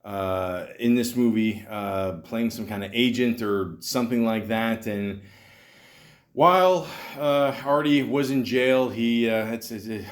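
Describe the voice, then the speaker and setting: A man's voice: fairly low pitch, measured pace. A man from New Jersey hosting a podcast, reviewing movies in a loose, rambling, profane way with many fillers. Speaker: podcast host. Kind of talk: casual movie review monologue.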